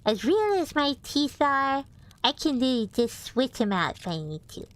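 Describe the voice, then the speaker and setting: Lively, playful woman streamer. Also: high voice, normal speed. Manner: playful, teasing, animated. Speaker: guest streamer. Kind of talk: casual chat.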